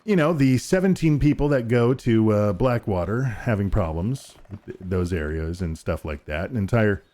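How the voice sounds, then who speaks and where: A man's voice: on the low side, animated, normal speed, dark tone. A man streaming a game and chatting casually, joking and swapping into silly voices. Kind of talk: casual gaming stream chat.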